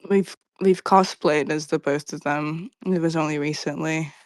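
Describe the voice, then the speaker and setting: A woman's voice: deep voice, steady tone, normal speed. A woman co-hosting a casual chat, with a playful, teasing manner. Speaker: co-host.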